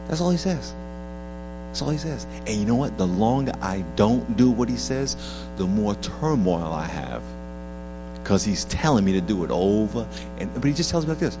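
A man preaching a sermon, telling stories with animated delivery that rises to loud exclamations. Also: medium pitch, moderate pace, music in the background, low-quality recording. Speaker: pastor.

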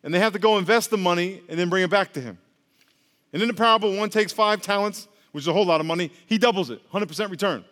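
A man's voice: high voice, quick pace, fairly bright tone, long reverb tail. A male pastor giving a casual, joking sermon, drawing the congregation into call-and-response.

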